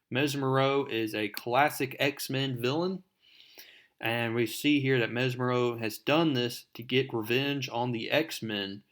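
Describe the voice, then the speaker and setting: A man narrating a comic book recap with enthusiasm, talking to his viewers as folks. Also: medium pitch.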